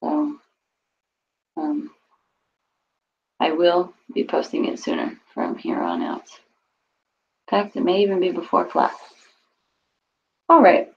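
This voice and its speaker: A woman's voice: fairly low pitch, a little mellow, slight background noise. A woman teaching Spanish to a class over a video call, explaining patiently and encouraging students. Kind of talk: online class instruction. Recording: dull lo-fi call audio.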